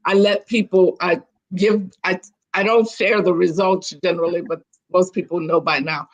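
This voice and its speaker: An older woman, a guest on a video call, telling stories in a chatty, animated way and often restarting her sentences. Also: fairly low pitch, normal speed. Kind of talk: casual storytelling on a video call.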